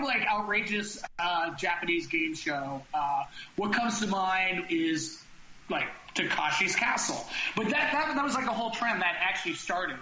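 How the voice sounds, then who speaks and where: A man's voice: high-pitched, sharp tone. A man hosting a comedy podcast, chatting casually and rambling with restarts and filler words. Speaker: podcast host. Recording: roomy, slightly dull sound with faint noise.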